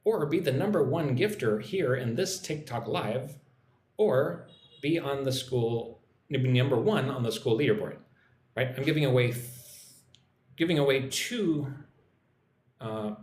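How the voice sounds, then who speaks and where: A man from the United States teaching English on a live stream, explaining words slowly and checking in with "right?" after each point. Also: mid-range voice, animated, darkish tone, roomy sound.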